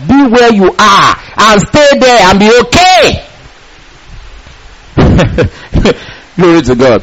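High-voiced, impassioned preaching man. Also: a little hiss or hum, rough recording. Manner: impassioned, rising to shouts on key lines; reads scripture slowly with emphasis. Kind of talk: sermon.

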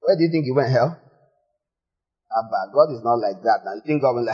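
A man preaching a sermon in a church, animated, moving from quiet asides to loud exclamations. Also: mid-range voice, fairly quick, pauses often, breathy edge. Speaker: pastor. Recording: echoey hall, slightly dull sound.

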